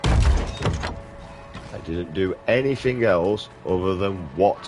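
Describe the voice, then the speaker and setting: Blunt, sweary man, low voice. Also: slow pace, music in the background. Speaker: gaming streamer. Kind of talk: casual chat while playing a game.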